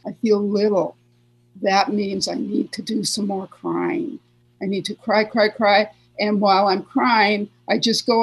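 A woman's voice: medium pitch, steady tone, a little slow, rough recording. A woman therapist giving advice in an interview, talking earnestly and acting out the inner voices she describes. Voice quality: gravelly, husky. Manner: earnest, repeats phrases, acts out inner voices. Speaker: therapist guest.

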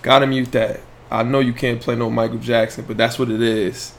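A man's voice: mid-range voice, moderate pace, hardly any pauses, slight background noise. A man hosting a casual sports podcast livestream, talking trash in a loose, profane way and addressing viewers directly. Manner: animated, profane trash talk; banters with viewers and chats directly to them. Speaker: podcast host.

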